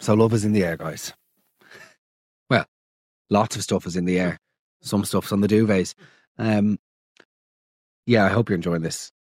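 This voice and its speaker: An Irish man hosting a comedy podcast, talking in animated, incredulous and profane banter. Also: lowish voice, unhurried, long pauses, dry recording, clean studio sound, soft background music. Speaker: podcast host. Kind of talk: casual comedic monologue.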